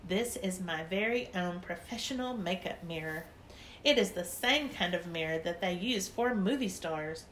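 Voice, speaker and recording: A woman voicing a bossy, prissy little girl who scolds in a shrill, prim voice. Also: expressive, moderate pace, a bit bright, a little hiss or hum.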